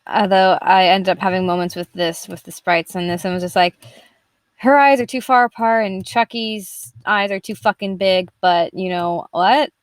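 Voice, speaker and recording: A young adult woman streams herself drawing, rambling in casual live-stream chat and swearing freely. Her mid-range voice goes at normal speed with no echo.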